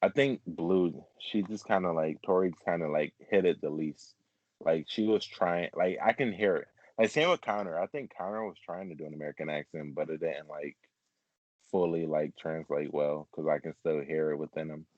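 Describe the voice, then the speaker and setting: A man's voice: very deep voice, moderate pace, a little mellow, no echo, muffled recording. A man hosting a casual podcast chat, rambling and laughing, heavy on fillers. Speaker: podcast host.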